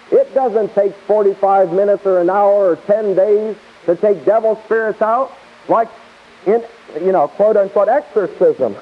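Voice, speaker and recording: A man teaching verse by verse from the Bible in a sermon, emphatic and repetitive, with chuckling asides, on a tinny lo-fi tape. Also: high-pitched.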